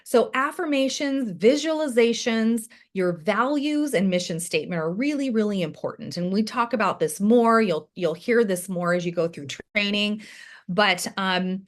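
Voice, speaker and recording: A woman's voice: mid-range voice, lively intonation, normal speed. A woman director giving an encouraging, conversational training talk over a video call to her team. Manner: encouraging, conversational, often asks "right?".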